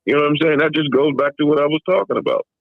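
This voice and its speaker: A man on a podcast making blunt points loudly. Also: fairly high pitch, very fast, creaky, dry recording, narrow, tinny audio.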